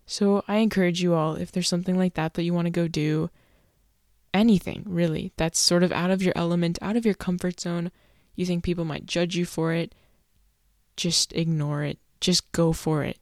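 A woman's voice: fairly low pitch, steady tone, moderate pace, darkish tone, no echo, studio quality. A young woman hosting a solo podcast, chatty and self-deprecating, laughing as she tells her stories. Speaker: podcast host.

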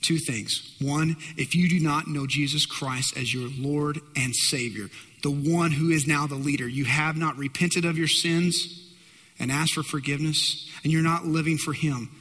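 A man's voice: on the high side, steady tone, normal speed, pushed and bright. A man preaching a sermon, telling stories dramatically and acting out the quoted lines. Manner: dramatic storytelling with acted-out quotes. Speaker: pastor. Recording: long hall reverb.

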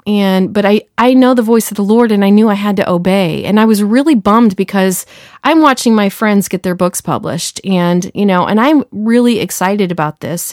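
Woman, mid pitch, casual animated storyteller, acts out dialogue, fillers, dry close sound. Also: no room sound. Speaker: speaker sharing a personal testimony.

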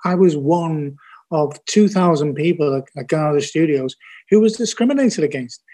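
An older man with a Scouse accent speaks as a guest on a podcast interview. His voice sits somewhat high for a man. He comes across as blunt, earnest and folksy. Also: normal speed, dark tone. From Liverpool, England. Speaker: TV producer guest.

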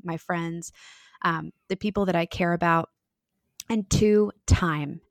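A woman's voice: lowish voice, no echo. Sincere thirties woman guest, reflective, lots of "um, you know", dry room. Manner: earnest, reflective, many fillers. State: briefly tearful. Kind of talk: heartfelt podcast conversation.

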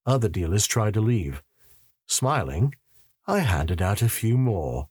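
A man's voice: on the low side, sing-song, measured pace, darkish tone, slightly rough, no echo, studio quality. A man narrating a story in the first person with a wry, sardonic manner.

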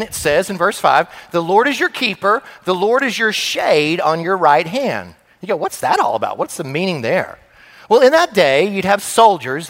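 An older man preaches in a lively, conversational way, and his voice sits high for a man. He plays out the words of the people and of God in his stories. The sound rings with the long reverb of a church sanctuary. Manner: animated, folksy preacher voicing God and characters in quotes. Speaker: pastor. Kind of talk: sermon.

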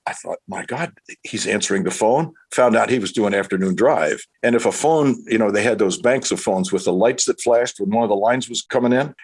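A man's voice: on the low side, a little mellow, slightly rough. An older man, a radio broadcaster, telling career anecdotes casually and acting out the quoted voices. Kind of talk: casual storytelling.

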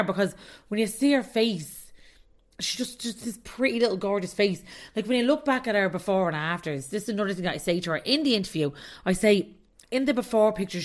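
Bubbly Irish woman podcast host. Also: medium pitch. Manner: bubbly, chatty, laughs often. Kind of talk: casual solo podcast chat.

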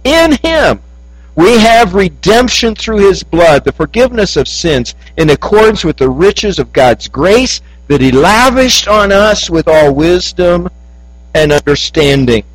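A man with a fairly high voice preaches a sermon and tells his story in rises and hushed drops. The sound is dry and close, with a faint electrical hum behind him. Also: sing-song, measured pace, no echo, low-quality recording.

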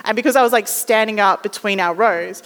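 A woman's voice: mid-range voice, fairly quick, fairly bright tone. A young Australian woman in her twenties telling a chatty, self-deprecating story as a sermon, acting out the voices she quotes. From Western Australia. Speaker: ministry student preaching. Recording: long hall reverb.

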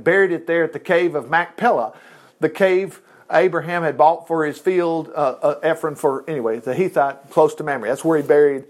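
A man preaching a sermon, reading scripture aloud and breaking in with folksy, laughing asides and acted-out voices. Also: fairly high pitch.

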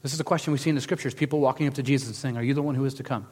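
A man preaching a sermon in a casual, animated storytelling manner, acting out quotes as he goes. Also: mid-range voice, racing, breathy edge, in a large hall. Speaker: pastor.

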